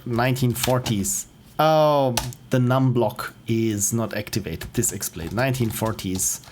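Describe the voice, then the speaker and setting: A man's voice: mid-range voice, slight background noise. Rambling German-accented man, keyboard typing. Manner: rambling, self-interrupting, chuckles often. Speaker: game developer streamer. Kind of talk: casual livestream chat.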